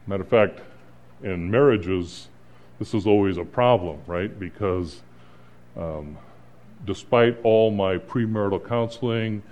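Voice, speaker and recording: A middle-aged man preaching as a pastor in an earnest, conversational way, pausing and restarting, then rising to emphatic points. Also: fairly low pitch, a little mellow. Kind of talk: sermon. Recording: slightly dull, lo-fi sound.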